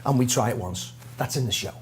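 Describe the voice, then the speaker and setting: A man from Liverpool with a Liverpool accent, a guest drummer telling a lively, self-mocking story in an interview. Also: medium pitch, fast, a little hiss or hum. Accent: Liverpool English. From Liverpool, England.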